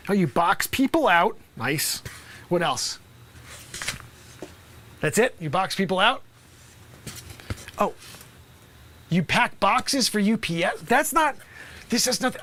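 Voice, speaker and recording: A man playing a brash loud basketball coach. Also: sits high, heavily acted. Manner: loud, bossy, rambling with asides. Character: brash male high school basketball coach. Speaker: improv comedian host. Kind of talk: improv comedy sketch.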